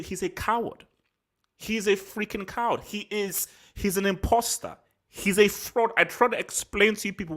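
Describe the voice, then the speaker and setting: Animated football vlogger on a rant. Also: medium pitch. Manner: animated, repetitive, slangy and self-assured; worked up and angry. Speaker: football channel host. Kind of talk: solo post-match reaction rant.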